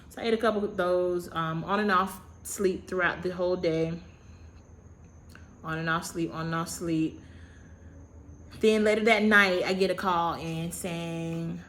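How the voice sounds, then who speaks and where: A woman in her thirties telling a personal story to camera in a casual, animated way, dramatic and repetitive, with slangy, self-mocking asides. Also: lowish voice. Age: 30s. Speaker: vlogger.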